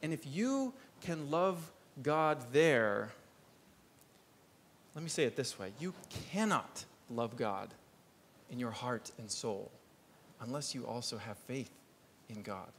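A man preaching a sermon, earnest, lifting his voice for emphasis and dropping low to press his points home. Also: animated, slow, long pauses, fairly bright tone, slight background noise.

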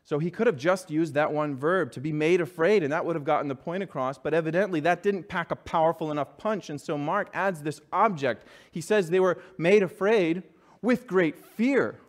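A man preaching a sermon, earnest and emphatic, dropping soft and low when reading scripture and rising to stress his points. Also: brisk, hardly any pauses. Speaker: pastor.

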